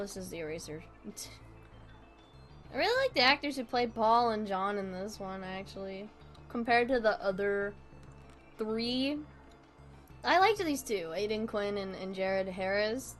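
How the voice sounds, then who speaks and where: A young woman streamer chatting casually while she draws. She rambles, swears freely and laughs often. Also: mid-range voice. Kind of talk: casual chat while drawing.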